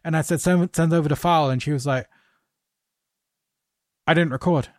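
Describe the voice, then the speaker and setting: Lively, dry-sounding podcast host. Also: male voice, on the high side, moderate pace, dry recording. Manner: animated storyteller, swears freely. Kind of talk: casual podcast conversation, storytelling.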